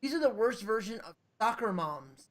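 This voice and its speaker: A woman chiming in on a casual movie-riff chat with dry, quick quips. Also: a little high, expressive.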